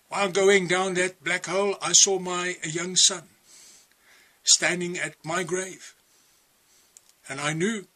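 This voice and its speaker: South African male preacher, husky and bright, slow earnest warnings with hushed drops. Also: a little high. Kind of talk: testimony sermon.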